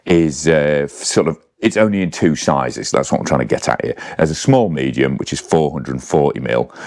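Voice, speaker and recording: A man casually talking through a bike's specs to camera, chatty and rambling, with self-corrections and asides. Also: a bass voice. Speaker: bike reviewer. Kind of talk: casual spec walkthrough to camera.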